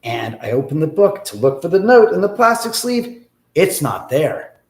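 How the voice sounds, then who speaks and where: A man hosting a live stream, telling a rambling, animated story and swearing freely. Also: fairly high pitch, normal speed. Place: in a house. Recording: roomy echo.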